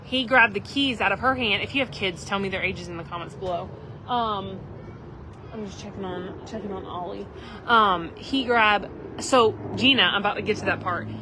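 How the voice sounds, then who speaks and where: A woman's voice: medium pitch, moderate pace, background noise. A woman, casually telling a rambling story to live viewers outdoors at a campground. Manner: rambling, chatty, frequent "like" and "literally". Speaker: livestream host.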